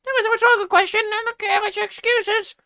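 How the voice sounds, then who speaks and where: A man voicing a strict, sarcastic female history teacher in a shrill falsetto. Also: fairly even intonation, fast, sharp tone, no echo, studio quality, full character voice.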